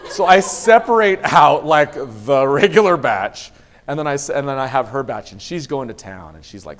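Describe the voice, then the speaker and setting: A man's voice: mid-range voice, moderate pace. A man speaking as a university vice president of student affairs, giving a motivational talk to students and acting out dialogue as he tells stories. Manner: lively storyteller, acts out dialogue.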